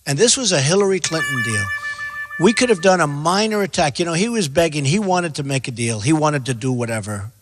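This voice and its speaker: A man's voice: a little high, animated, fairly quick. A man giving rambling, repetitive, emphatic answers as a candidate fielding questions. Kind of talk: rambling stump-speech answers. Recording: echoey hall.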